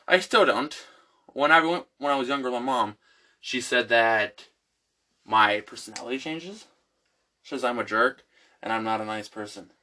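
Bright-voiced animated young man. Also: mid-range voice, normal speed, long pauses. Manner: animated storyteller acting out quotes. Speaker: co-host. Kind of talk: casual chat.

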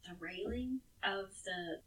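A woman's voice: mid-range voice, takes it slowly, a bit bright, distant mic, rough recording. A woman co-hosting a podcast, telling a true crime case in a casual, chatty way with some swearing. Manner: chatty, swearing, restarts words.

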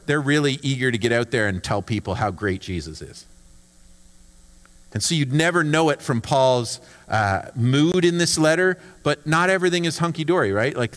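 A man's voice: on the high side, a bit bright. Chatty male preacher in a reverberant hall. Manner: casual and chatty, often restarts words. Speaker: pastor. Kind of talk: conversational sermon.

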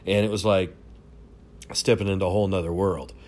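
A man telling a rambling personal story at home, with many fillers and restarts and bursts of excitement. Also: low voice, a little fast. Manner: animated, swings up in excited bursts. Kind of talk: casual storytelling. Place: home room.

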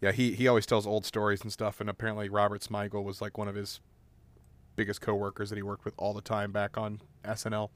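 A man's voice: on the low side, little pitch movement, quick pace. A man co-hosting a casual podcast, easygoing and chuckling along. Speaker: podcast co-host. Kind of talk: casual chat.

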